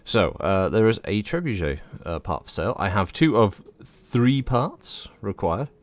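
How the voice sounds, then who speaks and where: A low-pitched man chats his way through a game stream, meandering from thought to thought and swearing freely. His voice sits close and dry on the mic, with no room around it. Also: expressive, a little slow, no room sound. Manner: rambling, chatty, swears freely. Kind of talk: casual gameplay commentary.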